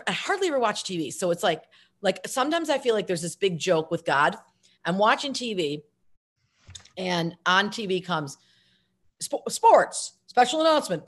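A middle-aged actress and filmmaker telling stories as an interview guest, lively and self-mocking, jumping between tangents. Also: female voice, medium pitch. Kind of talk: casual interview storytelling.

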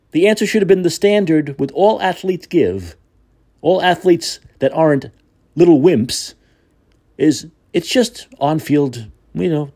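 Animated ranting male podcast host. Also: on the high side. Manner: combative, ranting, sarcastic. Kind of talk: opinion monologue.

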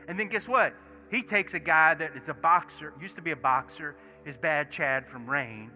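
A man, a pastor preaching in church and acting out stories, swinging from hushed asides to loud bursts. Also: on the high side, normal speed. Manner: animated storyteller, acts out dialogue, swings from hushed to shouting. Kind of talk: sermon with storytelling. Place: church sanctuary. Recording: music playing behind sermon. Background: soft worship music.

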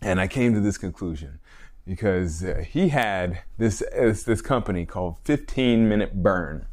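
A man's voice: low-pitched, animated, normal speed, a little mellow. A man hosting a casual solo fitness podcast, a personal trainer who rambles, corrects himself and laughs often. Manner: rambling, self-correcting, frequent laughs and fillers.

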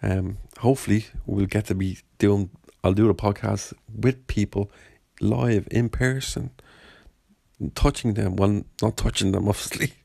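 Gravelly man hosting a podcast. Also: on the low side, fairly even intonation, unhurried, mellow, no echo. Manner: chatty, rambling, self-deprecating. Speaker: podcast host. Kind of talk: casual chat.

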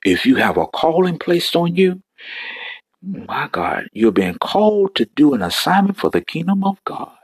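A man's voice: fairly high pitch, sing-song, normal speed, breathy edge, dry recording. A male preacher delivering a fervent sermon, repeating phrases and breaking into exclamations.

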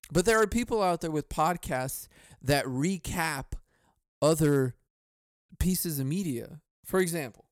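A young man hosts his podcast alone, ranting casually with heavy swearing and frequent laughs. His voice sits fairly high and sounds smooth and resonant. The mic is close in a dry, dead room. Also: no echo. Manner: profane, rambling, laughs often. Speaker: podcast host.

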